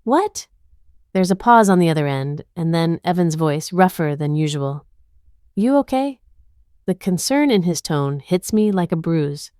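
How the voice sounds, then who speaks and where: A woman's voice: sits low, moderate pace, few pauses, a little mellow, smooth, no echo, studio quality. A woman narrating a dramatic first-person story with a tense inner-monologue delivery.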